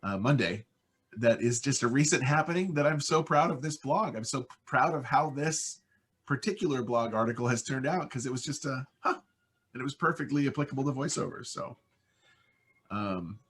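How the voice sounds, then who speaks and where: Husky, enthusiastic American man. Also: medium pitch, animated, moderate pace, fairly bright tone. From United States. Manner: enthusiastic, rambling with fillers. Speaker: voice-over artist guest. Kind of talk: casual interview chat.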